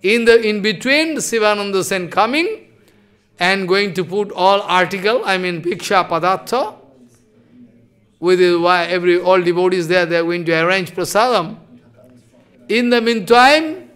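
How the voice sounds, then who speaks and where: A man, telling a devotional story in a sermon with animated, broken phrasing. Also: high-pitched, measured pace, pauses often, clean tone. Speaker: preacher.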